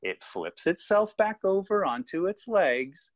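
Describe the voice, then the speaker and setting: A man's voice: high-pitched, unhurried, no room sound. Guy on a podcast spinning a story, does the kids' voices, dry dull sound. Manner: animated, acts out kids' voices while telling a story. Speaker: podcast co-host. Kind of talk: casual storytelling chat.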